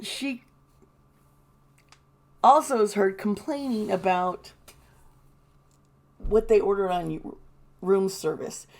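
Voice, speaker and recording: A woman's voice: mid-range voice, slow pace, pauses often, a little mellow. A woman giving casual, indignant commentary, swearing and mocking the people she quotes. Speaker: tarot reader and commentator.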